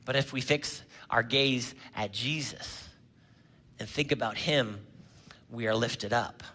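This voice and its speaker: A male pastor preaching a sermon, swinging between loud cries and hushed lines and asking the congregation questions. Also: medium pitch, slow.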